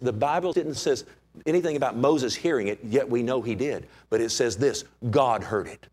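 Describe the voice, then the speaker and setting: A man preaching a sermon as pastor, animated and conversational, with many rhetorical questions. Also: medium pitch, normal speed, slightly rough.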